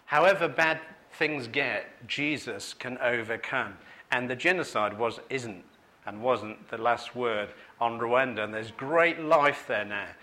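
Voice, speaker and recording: A middle-aged man gives a personal testimony sermon at a meeting. His voice is bright and forceful at a middling pitch. He tells his story earnestly and turns soft and low when he speaks of grief. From Manchester, England. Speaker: preacher. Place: meeting hall.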